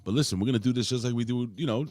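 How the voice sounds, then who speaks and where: A man's voice: medium pitch, very fast, darkish tone, no echo, studio quality. A man hosting a casual wrestling podcast, talking in a boisterous, hype-man way with plenty of swearing. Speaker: podcast host.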